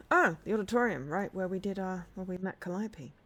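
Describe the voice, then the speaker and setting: A woman's voice: mid-range voice, very animated, normal speed. A woman streaming a game from home, chatting casually and self-deprecatingly into a desk microphone, sometimes reading lines aloud, with faint game music behind. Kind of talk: casual let's-play commentary.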